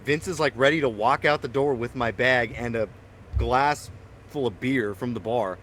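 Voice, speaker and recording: A man's voice: mid-range voice, moderate pace, fairly bright tone, slight background noise. A man co-hosting a casual podcast, telling band stories with laughter and impressions of friends. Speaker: podcast co-host and band member. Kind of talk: casual chat.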